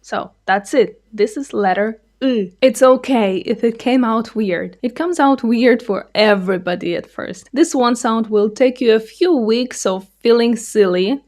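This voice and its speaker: Russian-accented woman teaching, slightly high. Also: a little mellow. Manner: playful, explains slowly and clearly. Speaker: language teacher. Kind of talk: scripted video lesson.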